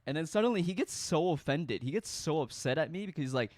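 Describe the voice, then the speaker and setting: A man's voice: fairly high pitch, fast talker, hardly any pauses, no room sound, clean studio sound. A young man hosting a casual chat, telling a story and acting out what others said. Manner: storytelling, animated quoting of others. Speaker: host.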